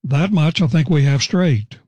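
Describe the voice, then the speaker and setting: Husky-voiced man teaching scripture. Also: fairly high pitch, lively intonation, dark tone, no room sound, dull audio. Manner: measured, explanatory, slows for emphasis. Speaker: Bible teacher. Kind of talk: expository Bible teaching.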